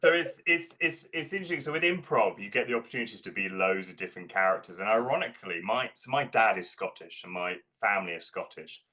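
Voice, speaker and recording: A man who coaches performers tells lively stories in a relaxed interview. His voice is bright and forward, and he often stumbles over the start of a sentence. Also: lowish voice, fast talker, hardly any pauses. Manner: animated storyteller, repeats words. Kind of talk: casual interview chat.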